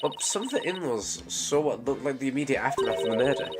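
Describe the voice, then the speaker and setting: A man reading out a calm young male defense lawyer's lines from a game, in a flat reading tone. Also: medium pitch, quick pace, background noise, natural voice. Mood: steady. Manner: reads game dialogue aloud flatly. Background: game music.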